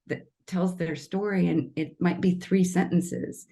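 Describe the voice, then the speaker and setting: A woman's voice: lowish voice, steady tone, a little slow, mellow. Earnest, emotional woman guest. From Kansas City, Missouri. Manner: emotional, earnest, rambling with restarts. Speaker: podcast guest, tree artist and storyteller. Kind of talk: casual podcast interview.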